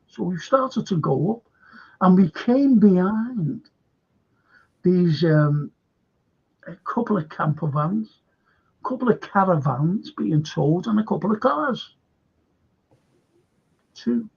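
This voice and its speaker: A man's voice: high voice, lively intonation, takes it slowly, gravelly, long pauses, breathy edge. An older man hosting a show, telling a rambling story in casual chat and repeating himself. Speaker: host. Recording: dull lo-fi stream audio.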